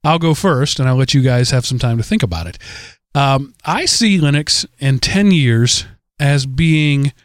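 A man's voice: medium pitch, expressive, measured pace, no echo, studio quality. A man hosting a podcast in a casual, rambling way, with many restarts. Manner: rambling, full of restarts and fillers. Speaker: podcast host.

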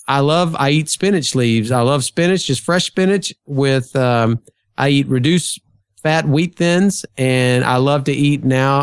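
A man's voice: medium pitch, clear, resonant tone, no echo, studio quality. A man in casual conversation, talking at length with plenty of fillers and storytelling. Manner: chatty, storytelling, frequent fillers. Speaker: podcast guest. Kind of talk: casual chat.

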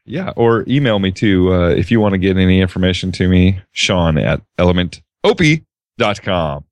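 Smooth, low-voiced laid-back man. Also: animated, normal speed, no room sound. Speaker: podcast co-host. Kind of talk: casual chat.

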